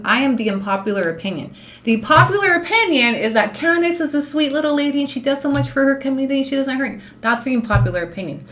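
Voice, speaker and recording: A woman in her thirties, a law student, hosts an unscripted livestream and rants directly at her chat, blunt and profane, dropping into Spanish phrases now and then. Her voice is medium-pitched and fairly bright, with a little hiss or hum in the audio.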